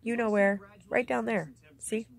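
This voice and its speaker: A woman's voice: on the high side, unhurried, creaky. Emotional plainspoken middle-aged woman vlogging. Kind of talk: candid personal vlog. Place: inside a camper.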